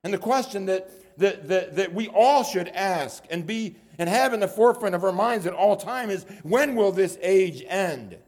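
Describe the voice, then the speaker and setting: A man with a high voice preaches a sermon. He speaks earnestly and often repeats words as he builds toward a point. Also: animated, moderate pace, hardly any pauses, darkish tone.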